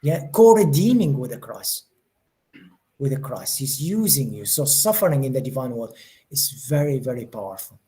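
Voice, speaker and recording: A man's voice: mid-range voice, expressive, moderate pace, warm tone. Male religious teacher, earnest, often repeats words while finding his phrasing, live study-group session. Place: study day session room with listeners.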